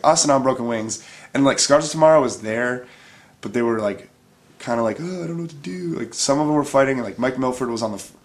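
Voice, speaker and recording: A man telling a story in a casual interview in an animated, profane way, laughing as he goes. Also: medium pitch.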